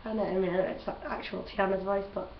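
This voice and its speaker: Answering questions in a casual vlog chat, a young woman gushes and laughs a lot. She speaks briskly in a mid-range voice with flat delivery. There's a little hiss or hum in the roomy, distant, dull home recording.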